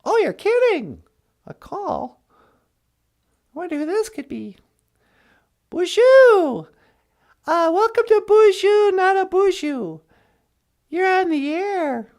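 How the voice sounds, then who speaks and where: A man voicing a cheery, brisk female talk-show host on a puppet comedy podcast. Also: very high-pitched, big pitch swings, a little mellow, pitched above the performer's own voice, full character voice. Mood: chirpy. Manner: cheery and brisk, gives advice.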